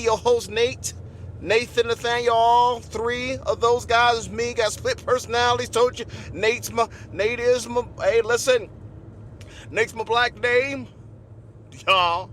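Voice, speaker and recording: A man in his forties hosting a comedic podcast, talking in an animated, playful way, repeating himself and laughing often. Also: very high-pitched, measured pace, a little hiss or hum. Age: 40s. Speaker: podcast host.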